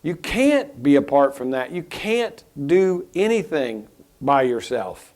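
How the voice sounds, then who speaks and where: A man teaching a spiritual lesson in a reflective, unhurried way, pausing and restarting his thoughts. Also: on the high side, big pitch swings, darkish tone.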